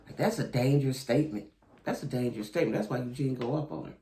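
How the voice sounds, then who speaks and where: A man's voice: medium pitch, fast, dark tone. A man giving casual, opinionated video commentary on a reality show, talking straight to his viewers and often checking in with them. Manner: chatty, opinionated, keeps asking "right?" and "you know what I'm saying?"; talks straight to viewers as "y'all".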